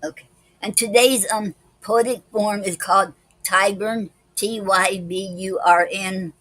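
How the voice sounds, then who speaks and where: A woman's voice: mid-range voice, fairly even intonation, a bit bright, no echo, rough recording. A woman hosting a poetry club live stream, reading poems and explaining a poetic form and a word of the day, with frequent "okay"s between parts. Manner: slow, careful reading with many "okay"s.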